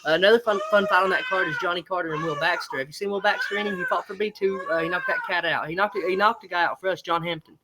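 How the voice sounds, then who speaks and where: A man's voice: high voice, fairly even intonation, quick pace, gravelly, hardly any pauses, noisy background. A man, a fight promoter talking in a casual interview, blunt and emphatic, swearing freely. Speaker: fight promotion owner, guest.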